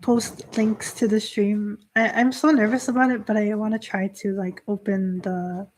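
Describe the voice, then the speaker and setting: A woman's voice: medium pitch, flat delivery, normal speed, a little mellow, slight background noise. A young woman from Canada, a Shinto priestess hosting a live stream, chatting casually with frequent laughter and many fillers as she reads out viewer comments.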